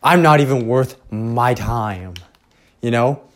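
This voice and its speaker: Medium in pitch and slow in pace, a young man's voice carries a one-person podcast recorded on a home setup with headphones. He rambles casually, curses a lot, puts himself down in asides and trails off.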